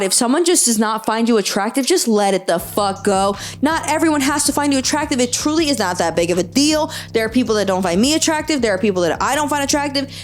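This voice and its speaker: Exasperated young woman mocking online posts. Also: high voice. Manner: sarcastic, exasperated, swears often, laughs a lot. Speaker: podcast host. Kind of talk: reading and reacting to online stories.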